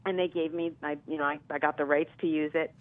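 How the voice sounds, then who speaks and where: A woman's voice: low-pitched, quick pace. Chatty woman singer on a muffled line. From Milwaukee, US Midwest. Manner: lively, chatty storytelling. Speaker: jazz singer, guest. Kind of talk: radio interview.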